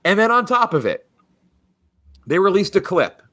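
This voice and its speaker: A man's voice: high-pitched, moderate pace. A man hosting a movie podcast, chatting casually and animatedly. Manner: animated, restarts and laughs. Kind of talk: casual chat.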